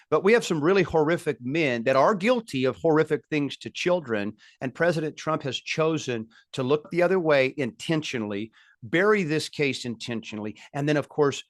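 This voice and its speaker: A man's voice: mid-range voice, no echo, studio quality. A man hosting a political commentary show, delivering an emphatic, indignant monologue that builds in rising bursts.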